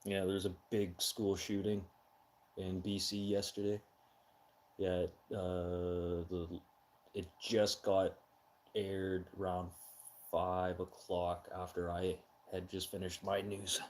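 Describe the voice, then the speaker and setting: A middle-aged man hosting a casual live chat, talking loudly and with heavy emphasis, getting excitable when he has an opinion. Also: sits low, slow. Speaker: live stream host.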